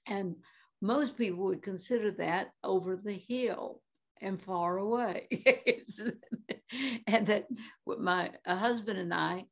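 A woman's voice: medium pitch, takes it slowly. A woman in her eighties, a Christian minister and guest, telling stories in conversation with many fillers and frequent laughs. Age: 80s. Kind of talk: animated storytelling in conversation.

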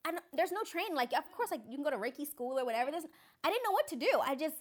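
A woman's voice: sits high, racing. A young adult woman, a guest author, telling stories in a casual chat and acting out what other people said. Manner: animated, acts out other people's lines. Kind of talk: casual storytelling.

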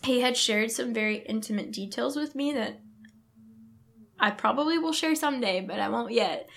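This young woman, who is pregnant, offers a heartfelt faith testimony as a podcast guest. Her voice is on the high side, gravelly and a bit bright, at a normal pace. With real earnestness, she plays out her inner thoughts and the remarks of others.

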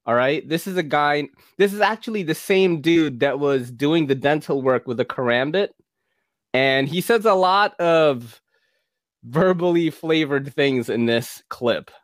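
A man's voice: fairly high pitch, lively intonation, unhurried, dry recording, clean studio sound. A man hosting a casual livestream, chatting loosely, swearing and laughing as he plays clips. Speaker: livestream host.

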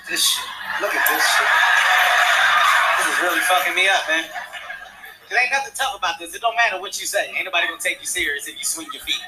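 A man performing a stand-up comedy routine, with a light, small voice, acting out characters and shouting punchlines. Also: sits high, fast talker, heavy background noise.

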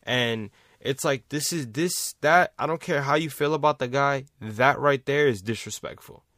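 A man's voice: mid-range voice, normal speed, a bit bright, dry recording, studio quality. A man hosting a sports vlog, ranting casually with heavy swearing and repeating his points for emphasis. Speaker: sports commentator, vlog host.

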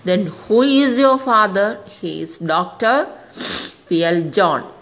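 A woman's voice: mid-range voice, expressive, slow pace, fairly bright tone, low-quality recording. A woman teaching an English grammar lesson, spelling out words letter by letter and working through example sentences.

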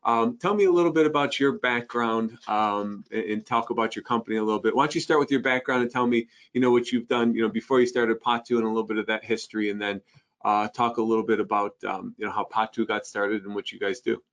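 A man hosts a business podcast interview. His voice sits on the low side, and he talks in a friendly, chatty way, pausing on fillers as he shapes his questions. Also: fairly even intonation, a bit bright. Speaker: podcast host.

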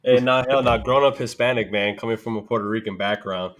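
A man's voice: on the low side, fast talker. A man in casual podcast chat, joking around and swearing a lot. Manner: joking, swears a lot, laughs between lines. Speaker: podcast co-host.

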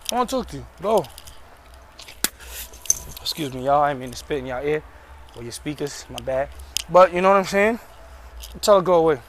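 Out by a car, a young man who vlogs recounts his week in a high voice, using slang and venting with frank, animated energy. There's a bit of hiss or hum on the recording.

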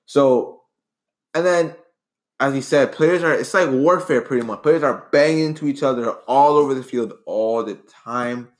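A man's voice: medium pitch, moderate pace. A man arguing his side in a casual sports debate, earnest and rambling with frequent restarts. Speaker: debate co-host.

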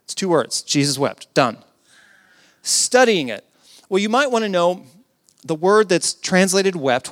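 A man delivers a sermon with earnest conviction. His voice sits a little high for a man, and he leans on rhetorical questions, sometimes sinking to a hush. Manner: earnest, with rhetorical questions and soft hushed passages. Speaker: pastor.

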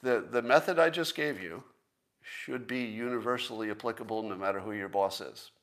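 A man's voice: on the low side, moderate pace, fairly bright tone. A man hosting a podcast, giving a casual solo monologue in a plain-spoken, self-assured way and often asking rhetorical questions. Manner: conversational, persuasive, fond of rhetorical questions. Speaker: podcast host.

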